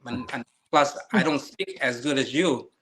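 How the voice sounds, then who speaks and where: A man in his fifties from Laos, speaking English as an in an earnest, halting casual chat. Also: medium pitch, a bit bright. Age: 50s. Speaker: co-host. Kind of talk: casual conversation.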